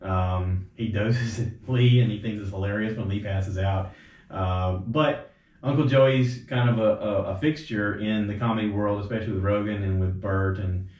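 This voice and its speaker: This podcast host is a man with a lowish voice and a moderate pace, meandering through stories in casual chat. His voice leaps suddenly whenever he acts out what others said. The home recording has a roomy, slightly dull quality.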